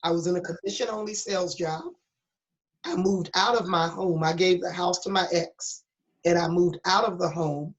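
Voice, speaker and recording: In an interview, a middle-aged woman pastor gives her personal testimony, candid and earnest with a preacher's emphasis. Her voice is fairly low with a steady tone at normal speed, and the recording is dull and lo-fi.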